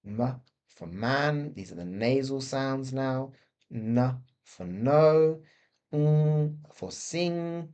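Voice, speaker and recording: Slow, careful British English teacher, man. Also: medium pitch, darkish tone. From Britain. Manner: slow, deliberate, exaggerated mouth shapes when modelling sounds. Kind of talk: pronunciation lesson.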